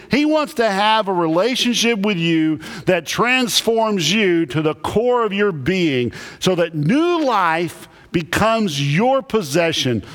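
A man who is a Baptist pastor, preaching a sermon with emphatic, animated delivery and lots of repetition. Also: a little high. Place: church sanctuary. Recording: echoey church hall.

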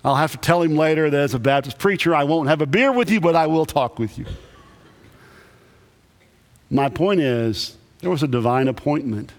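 Animated preacher in a ringing hall. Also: male voice, mid-range voice. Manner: animated preaching with emphatic rises and repetitions. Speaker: Baptist pastor. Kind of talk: sermon. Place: church sanctuary. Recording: echoey church hall.

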